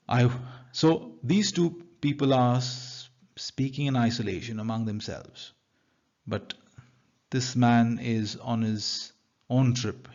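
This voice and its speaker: Brief: male teacher with an Indian English accent, mid pitch, explains text line by line, muffled lo-fi recording. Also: darkish tone. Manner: explains line by line, paraphrasing in plain words. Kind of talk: literature lecture, reading and paraphrasing lines. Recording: dull lo-fi recording.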